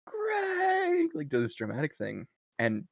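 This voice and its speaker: A man of middle pitch talks casually as a podcast co-host, recapping a movie with lively energy. His voice is dry and a little dull, as if from a modest podcast mic. He retells scenes with easygoing enthusiasm. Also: moderate pace, no echo. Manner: animated retelling, briefly acting out lines from a film.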